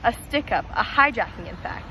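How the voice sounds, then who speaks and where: A woman's voice: fairly high pitch, expressive, moderate pace, pushed and bright, slight background noise. A woman voicing a polite, mock-formal male hijacker in a read-aloud storybook.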